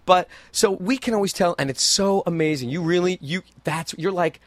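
A man's voice: high voice, moderate pace, no room sound. A man co-hosting a podcast, swearing freely and acting out quotes as he tells stories in casual chat. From New York City. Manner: profane, animated, acts out quotes. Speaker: podcast co-host.

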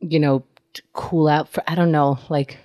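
A woman comedian telling stories in casual chat, animated and full of laughter, swearing freely. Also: sits low, moderate pace. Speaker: comedian, podcast host.

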